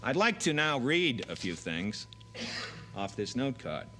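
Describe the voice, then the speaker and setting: Guy auditioning for a comedy show, bright voice, playful and a bit halting. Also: medium pitch, very animated, a little hiss or hum. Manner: playful, self-amused, hesitant fillers between bits. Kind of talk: casual audition pitch to camera.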